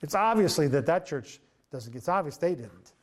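Earnest preacher man, slightly high voice. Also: lively intonation, moderate pace. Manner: conversational and earnest, with frequent fillers and restarts. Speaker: pastor. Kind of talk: sermon.

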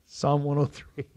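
A male pastor preaching a sermon to a congregation, lively and joking with them, rising to loud emphasis. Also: on the high side, dull audio. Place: church before a congregation.

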